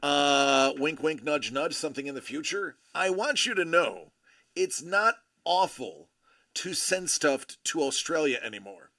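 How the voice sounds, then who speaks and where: A man's voice: a little high, lively intonation, measured pace, sharp tone. A man hosting a casual live stream, reading viewer comments aloud and chatting back to them.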